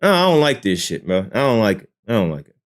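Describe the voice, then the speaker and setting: A man on a live stream, reacting with profane, exasperated talk that jumps between loud outbursts and low muttering. His pitch moves a lot from line to line, and he keeps repeating himself. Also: very animated, quick pace.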